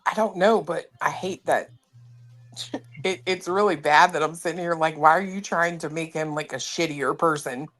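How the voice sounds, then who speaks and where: Woman on a live panel, lowish voice, keeps laughing in disbelief. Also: moderate pace, a bit bright, soft background music. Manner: laughing, incredulous. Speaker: panel guest. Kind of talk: casual panel chat.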